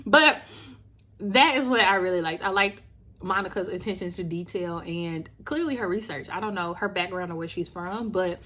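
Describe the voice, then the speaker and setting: A woman from Louisiana chatting casually to viewers as she reviews books on her channel, animated and talking straight to the camera. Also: fairly low pitch, a little fast. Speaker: book vlogger. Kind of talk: casual book review chat.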